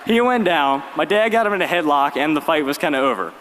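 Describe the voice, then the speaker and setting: A young man, giving a graduation speech as valedictorian with lively storytelling and wry humor. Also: a little high, fast talker, a little hiss or hum. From Virginia, US. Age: late teens. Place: large arena. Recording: long arena reverb.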